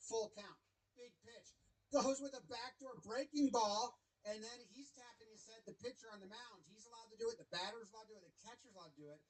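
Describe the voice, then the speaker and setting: A man's voice: extremely high pitch, fairly quick, rough recording. A man giving wry, chatty play-by-play commentary over a baseball clip. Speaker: sports video commentator.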